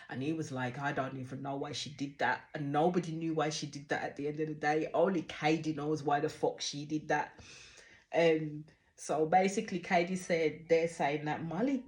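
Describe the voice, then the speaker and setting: A woman's voice: fairly low pitch, a little mellow. A woman hosting a casual reaction review of a TV show. She talks animatedly, swears freely, and often trails off and starts her sentences again. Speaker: reality TV reaction host.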